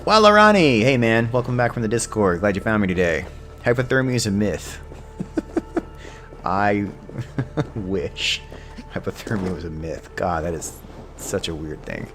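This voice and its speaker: A man's voice: fairly low pitch, lively intonation, a little slow, pauses often, fairly bright tone. A man giving casual, chatty commentary while playing a video game, often drifting into history asides. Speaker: game streamer. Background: game music.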